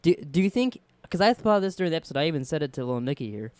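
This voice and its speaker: A man's voice: fairly high pitch, sing-song, very fast. A man co-hosting a casual podcast, chatting in a rambling, jokey way. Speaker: podcast co-host. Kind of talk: casual chat.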